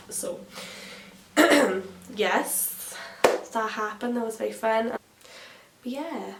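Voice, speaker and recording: A woman's voice: mid-range voice, moderate pace, recorded from a distance, a little hiss or hum. A young woman, a beauty vlogger telling a story while doing her makeup, chatty and swearing freely. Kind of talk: chatty get-ready-with-me vlog. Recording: echoey room, voice a bit off-mic.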